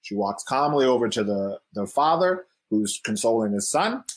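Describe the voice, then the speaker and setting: A young man tells a story from his own childhood in a relaxed, chatty way. His voice sits at an ordinary middle pitch for a man. He jumps into the voices of the people he quotes, laughs here and there, and keeps checking in with "right?". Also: moderate pace. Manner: animated, acts out quotes, laughs often. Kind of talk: casual storytelling.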